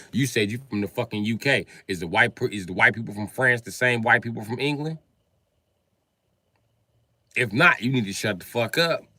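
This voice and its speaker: A man's voice: lowish voice, sharp tone, no echo. A man ranting on a livestream to his viewers, confrontational and swearing heavily. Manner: profane, confrontational, heavy swearing.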